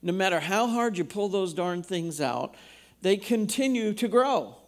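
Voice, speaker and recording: A man's voice: high voice, lively intonation, a little slow. A man, a pastor, preaching a sermon in a church, reading scripture aloud and asking the congregation questions.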